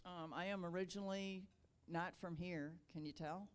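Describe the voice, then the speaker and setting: A woman's voice: on the low side, fairly even intonation, normal speed, slight background noise. A middle-aged woman from Wisconsin giving a chatty, casual speech to a club, with lots of ums and light self-deprecating humor. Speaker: Rotary district governor.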